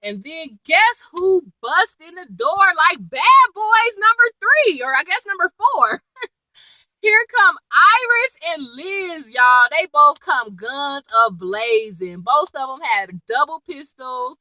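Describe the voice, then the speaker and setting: A woman casually recapping a TV episode in a chatty, animated way, laughing and full of slang and asides. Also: sits high, takes it slowly, no room sound, rough recording. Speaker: TV episode reviewer.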